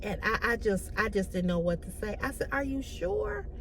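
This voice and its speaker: A woman with an ordinary mid-range voice tells a personal story with animated emphasis, often repeating her key lines. The recording carries clear vehicle noise underneath. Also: medium pitch, a little fast. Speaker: vlogger.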